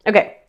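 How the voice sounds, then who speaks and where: A woman casually talking through a monthly tarot forecast, chatty and rambling, slightly out of breath. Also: highs cut off. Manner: chatty, rambling, self-interrupting with asides. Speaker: tarot reader.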